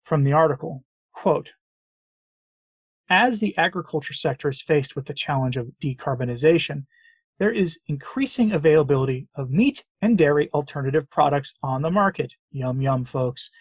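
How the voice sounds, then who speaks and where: A middle-aged man from the United States with a husky, slightly high voice hosts his own commentary show. He reads out news quotes and answers them with emphatic sarcasm and repeated phrases. His voice sounds dry and close. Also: animated, moderate pace, no echo. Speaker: commentary channel host.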